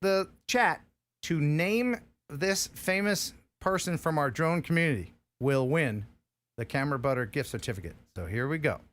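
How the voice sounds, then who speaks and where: A man's voice: a little high, animated, moderate pace, fairly bright tone. Playful man hosting a live stream. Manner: playful, hesitant, lots of ums and restarts. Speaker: host. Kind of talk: casual live-stream chat.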